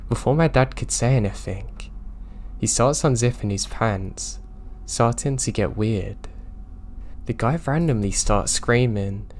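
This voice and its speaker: A man narrating reader-submitted horror stories in a calm, even storytelling delivery. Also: on the low side, a little hiss or hum.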